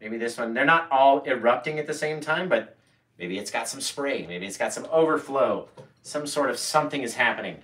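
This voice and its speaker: A playful, excitable man leading a live painting tutorial, often echoing words back. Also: mid-range voice, moderate pace, distant mic. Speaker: painting instructor.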